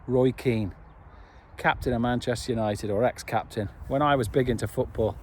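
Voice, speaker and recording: Outdoors at a back-garden camp, a man films on his phone camera and keeps up a cheerful, jokey, enthusiastic vlog chat. His mid-range, darkish voice is steady at a moderate pace, with slight background noise present.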